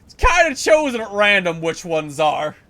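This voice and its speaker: A man streaming a game live, reacting excitedly and swearing often. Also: high-pitched, moderate pace. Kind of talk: live gameplay commentary.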